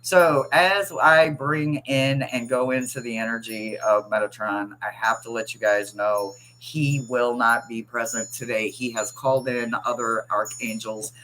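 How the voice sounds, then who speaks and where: A chatty host of a tarot livestream with a mid-pitched voice. They talk loosely, greeting and teasing viewers between laughs. Faint wind chimes tinkle softly behind the voice. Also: fairly even intonation, a little slow, hardly any pauses, poor audio. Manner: chatty, teasing, laughs often, reads chat aloud. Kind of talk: casual livestream chat.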